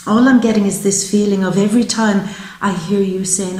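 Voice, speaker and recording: A woman's voice: mid-range voice, steady tone. Earnest woman tarot reader, echoey room. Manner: gentle, earnest, slow and emotional. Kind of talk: spoken psychic tarot reading.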